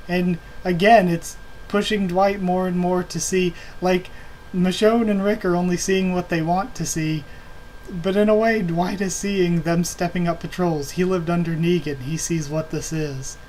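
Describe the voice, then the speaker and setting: A man's voice: high-pitched, fairly even intonation, measured pace, a little mellow, slight background noise, poor audio. A man hosting a casual comic reaction video, rambling with lots of fillers and self-corrections.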